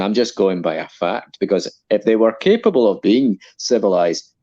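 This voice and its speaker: A man talking in a steady, deliberate, opinionated way in a casual chat, as a co-host. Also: fairly low pitch, dull audio.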